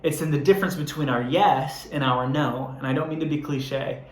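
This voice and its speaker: A young adult man, a young adults pastor, preaches casually in a middle-pitched voice at normal speed, joking at his own expense before rising to earnest appeals. The roomy echo of a church hall surrounds him, with a little hiss or hum.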